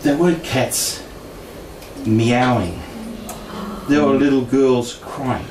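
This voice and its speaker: A middle-aged Australian man speaks slowly in a mid-range voice as he casually relates his paranormal experiences. He laughs frequently and mimics the voices he quotes. The clip was captured in an echoey room on a distant mic, with faint background noise.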